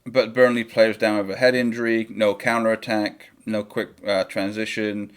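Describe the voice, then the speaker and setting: A man's voice: lowish voice, little pitch movement, moderate pace, clean tone. A young man chatting casually and joking while he reacts live to a football match on a home stream. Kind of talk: live match watchalong chat.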